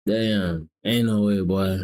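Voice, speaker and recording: A man's voice: on the low side, steady tone, slow, darkish tone. A young man from the South, hosting a live stream and teasing strangers in casual, profane chat. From American South. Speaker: livestream host.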